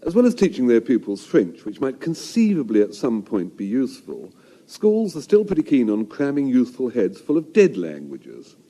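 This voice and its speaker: A man's voice: mid-range voice, huge pitch swings, moderate pace, warm tone. A middle-aged English man hosting a scripted radio comedy show with a dry, wry delivery. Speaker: host. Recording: broadcast radio studio.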